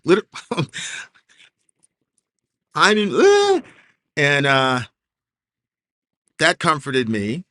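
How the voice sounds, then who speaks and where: A man speaks with a bright, forceful edge in a dry, close sound. He tells a personal story earnestly, stopping and restarting and leaning on filler words as he searches for each phrase. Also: a little high, wildly swooping pitch, very slow, long pauses, no room sound. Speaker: interview guest. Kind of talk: emotional personal testimony.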